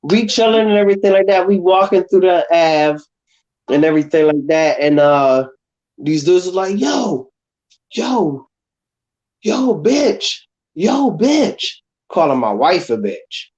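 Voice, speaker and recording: A man appearing as a guest on a livestream tells a rowdy story casually, animatedly acting out the voices of the other people in it. His voice is fairly high at normal speed, heard through dull, lo-fi call audio.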